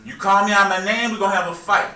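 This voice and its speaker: High bright preacher guy teaching his flock, echoey and far off mic. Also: fast. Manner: call-and-response preaching, joking, animated. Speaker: minister. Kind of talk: teaching sermon. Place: worship hall with congregation. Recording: echoey room, taped from afar.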